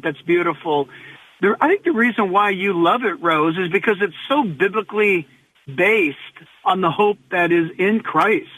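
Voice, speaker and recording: A man, a pastor, speaking earnestly as a radio interview guest and slowing down to stress his points. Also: high voice, fairly bright tone, no room sound. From Southern California. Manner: earnest, preacherly, slows for emphasis. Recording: tinny phone line.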